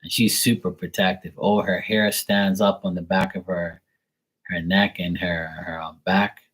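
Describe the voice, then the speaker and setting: A tarot reader hosting a livestream speaks in a low, slightly bright and slightly rough voice at a measured pace, with little pitch movement, on a rough recording. He chats casually in a loose, profane manner, using "like" over and over.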